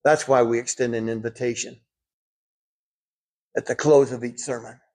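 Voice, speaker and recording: A man preaching a sermon, rising emphatically when quoting scripture and dropping low for asides. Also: steady tone, moderate pace, darkish tone.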